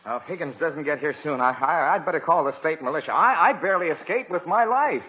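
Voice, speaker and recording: An actor playing an excitable, blustering family father in a 1950s radio sitcom, often stammering. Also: a little high, quick pace, muffled recording, close to an everyday voice. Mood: flustered. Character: excitable American family father, middle-aged man.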